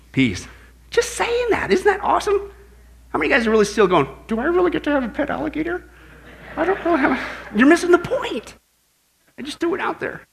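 Male preacher, high and animated; exclaims, quizzes the congregation. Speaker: pastor. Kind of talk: sermon.

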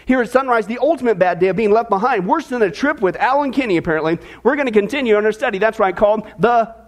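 A man's voice: sits high, expressive, fast talker. A man preaching a sermon, joking with his congregation and addressing them directly. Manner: jokey, talks directly to the congregation. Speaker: pastor.

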